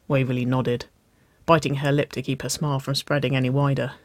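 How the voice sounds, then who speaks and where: A narrator reading a story aloud in a slow, measured way. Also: medium pitch, flat delivery, no room sound, studio quality.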